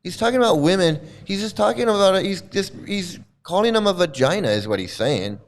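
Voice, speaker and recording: A man's voice: high-pitched, lively intonation, fairly quick. A man hosting a livestream and ranting to his chat in heated, indignant commentary, often repeating himself. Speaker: livestream host.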